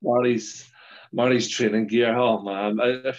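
Middle-aged Northern Irish ex-footballer, loose chatty anecdotes, muffled lo-fi audio. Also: male voice, mid-range voice, steady tone, unhurried. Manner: rambling anecdotes with frequent laughs and restarts. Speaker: former footballer guest. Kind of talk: casual storytelling chat. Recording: dull lo-fi sound.

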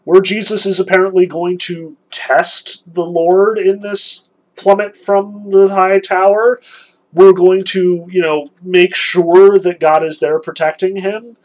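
A man giving a casual lecture, chatty and animated, with self-deprecating asides. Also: high voice, slow pace, poor audio.

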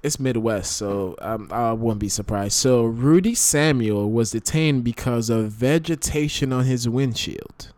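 A man co-hosting a podcast, chatting loosely and telling stories with lively asides. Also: medium pitch, measured pace, few pauses, dry recording. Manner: loose, animated storytelling with put-on voices. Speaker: podcast co-host. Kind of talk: casual chat.

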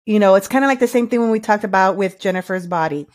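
A woman's voice: mid-range voice, fast, darkish tone. A woman co-hosting a podcast in casual movie chat, rambling with frequent ums and laughter. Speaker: podcast co-host.

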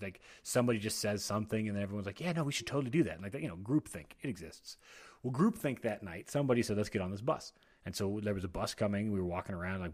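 Casting: low-voiced American man, casual rambling storyteller, chatty and self-interrupting. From United States.

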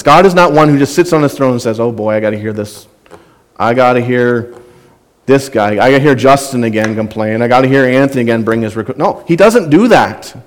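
Earnest preacher in a reverberant hall. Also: male voice, fairly high pitch. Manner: earnest, conversational preaching with repetitions. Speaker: pastor. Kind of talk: sermon.

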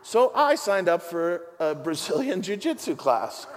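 A middle-aged man preaching a sermon, an animated storyteller with a self-deprecating, joking manner. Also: high voice, measured pace, very noisy. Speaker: pastor. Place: church hall with congregation. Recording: long hall reverb.

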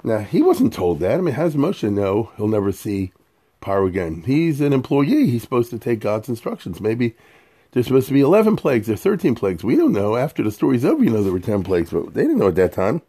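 A man's voice: mid-range voice, very animated, fairly quick, warm tone, husky. A middle-aged man giving an informal scripture lesson, explaining Hebrew verses in plain English in a conversational way. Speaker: Torah teacher.

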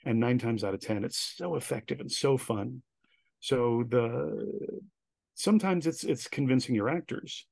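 Guy on a podcast telling stories, acts out the quotes, dry close mic, medium pitch. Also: normal speed, vocal fry, slightly rough, dry recording. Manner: animated anecdotes, acts out quoted lines. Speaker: guest, director. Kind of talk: storytelling in a podcast interview.

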